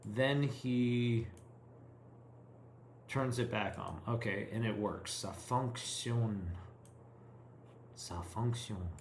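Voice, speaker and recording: Slow, halting man reading aloud. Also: medium pitch, echoey room, a little hiss or hum. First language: English. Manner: slow, halting, thinks aloud and translates line by line. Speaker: French learner reading aloud. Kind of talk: self-recorded reading practice.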